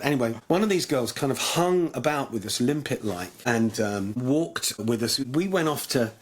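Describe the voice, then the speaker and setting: A man's voice: mid-range voice, slightly rough. An English man telling stories as a guest in an interview, rambling with many restarts. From England. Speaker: guest musician. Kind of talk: anecdotal interview chat.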